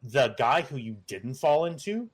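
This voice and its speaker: A man narrating as game master, halting and full of fillers, laughing easily as he rules on the players' moves. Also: mid-range voice, sing-song, slightly rough. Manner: hesitant, many fillers and restarts, laughs easily.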